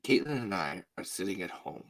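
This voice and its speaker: A man retelling a personal story in a casual, halting way, sighing often and close to tears. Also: sits low, big pitch swings. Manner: many restarts and fillers, rambling.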